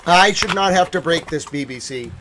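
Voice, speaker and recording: A man's voice: a little high, animated, noisy background. Man ranting on a livestream. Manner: exasperated ranting, then measured formal report. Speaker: independent war reporter. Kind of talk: livestream news commentary.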